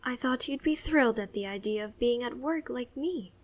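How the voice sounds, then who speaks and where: A woman's voice: a little high, moderate pace, pitched above the performer's own voice, natural voice. A woman voicing a loving, emotional mother who speaks in a tender, tearful way.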